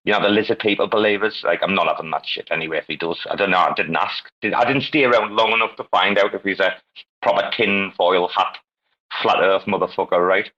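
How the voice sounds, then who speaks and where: A man's voice: fairly low pitch, muffled recording. A man hosting a casual online voice chat, rambling and swearing freely, laughing often. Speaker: podcast host. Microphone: online audio chat.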